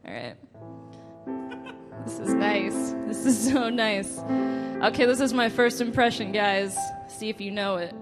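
A woman in her late twenties doing a stand-up set on a club stage, halting and laughing at her own jokes. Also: mid-range voice, animated. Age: late 20s. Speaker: stand-up comedian. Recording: reverberant club room with faint music.

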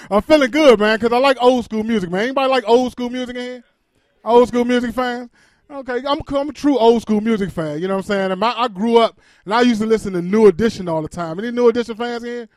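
Man, very high voice, stand-up comedian, animated loud storytelling, dry sound. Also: fast talker, dry recording. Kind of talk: stand-up comedy then casual interview. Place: comedy club stage.

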